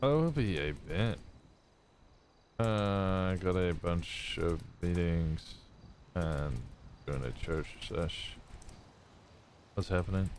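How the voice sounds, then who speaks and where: A man with a lowish voice chats casually on a live stream, rambling and swearing freely as he thinks aloud. A faint hiss of noise sits under his voice. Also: lively intonation, slow, long pauses, darkish tone.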